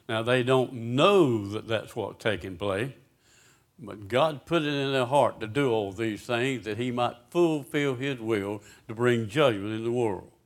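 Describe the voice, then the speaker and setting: A man's voice: medium pitch, slow pace. A pastor preaching a sermon, reading scripture aloud and putting questions to his congregation.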